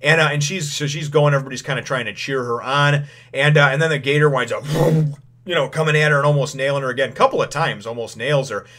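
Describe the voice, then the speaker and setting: On his own channel, a man talks through a comic chapter in a loose, chatty recap, quick and sharp-toned in a mid-range voice. He wanders a bit, says "you know" a lot, and lets out the occasional chuckle.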